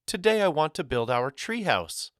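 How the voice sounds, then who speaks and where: A man voicing a spirited, bossy young girl with a high, sharp voice in an audiobook. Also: lively intonation, normal speed, dry recording, clean studio sound. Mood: insistent.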